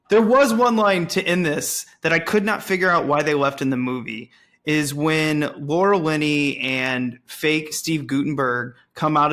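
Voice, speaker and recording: A man's voice: on the high side, a bit bright. A man hosting a podcast in casual chat, jokey, laughing as he retells movie scenes. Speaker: podcast host.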